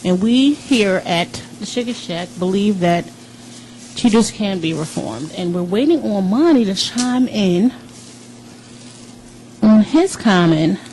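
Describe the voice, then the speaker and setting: A woman hosts a casual talk radio show, speaking slowly and conversationally in a mid-pitched voice. Faint background noise sits under her. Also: lively intonation, darkish tone, rough recording. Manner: unhurried, conversational.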